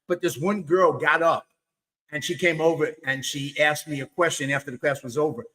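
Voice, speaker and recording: A man from New York hosts a video-call webinar and tells stories with animated energy. His voice sits a little high and sounds bright and forceful. He restarts his sentences often. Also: normal speed, low-quality recording. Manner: animated, with many restarts and "you know". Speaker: webinar host. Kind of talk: casual storytelling chat.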